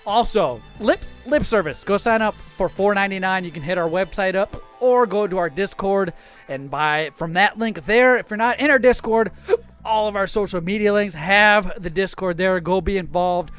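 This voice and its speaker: A man's voice: sits high, moderate pace, a bit bright, clean tone, faint music behind. A man hosting a live podcast stream, joking and swearing loosely while he has the hiccups. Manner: loose, profane, joking, winding down the show. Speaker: podcast host. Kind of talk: casual live-stream chat.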